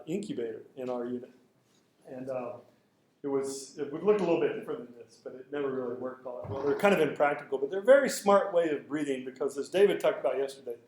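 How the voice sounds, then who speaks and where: Middle-aged man lecturing in an echoey hall. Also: medium pitch. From Canada. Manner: lively storytelling, acting out quoted exchanges. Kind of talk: conference lecture with anecdotes. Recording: very echoey hall with faint noise.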